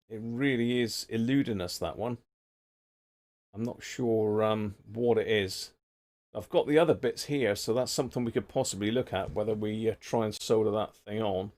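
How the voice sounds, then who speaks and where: Middle-aged man, rambling live-stream host, casual chat, mid-pitched voice. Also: darkish tone. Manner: chatty, rambling, greets viewers by name. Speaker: livestream host. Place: home workshop.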